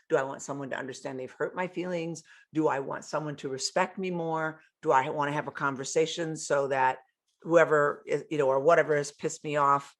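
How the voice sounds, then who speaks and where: Female self-help host: earnest and blunt, coaches listeners, swears offhand. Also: sits low. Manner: earnest, frank, swears casually. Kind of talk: motivational self-help talk.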